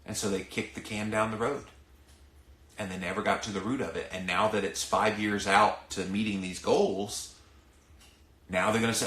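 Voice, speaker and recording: A man's voice: lowish voice, moderate pace, long pauses, fairly bright tone, roomy sound. A middle-aged man with a Southern US accent hosting a podcast, ranting emphatically and speaking straight to his listeners. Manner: emphatic, preachy, addresses listeners directly. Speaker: podcast host. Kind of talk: ranting commentary.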